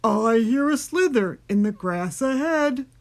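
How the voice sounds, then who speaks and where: A woman voicing a big, gullible male forest monster in a storybook read-aloud, booming and slow. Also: lively intonation. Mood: gruff. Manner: booming, drawn-out delivery.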